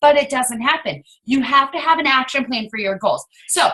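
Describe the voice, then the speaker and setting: Lively, bright-voiced woman coach on a call. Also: high-pitched, moderate pace. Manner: chatty, rambling, digressive. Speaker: team coach leading a business call. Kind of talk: casual motivational team call. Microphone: video call.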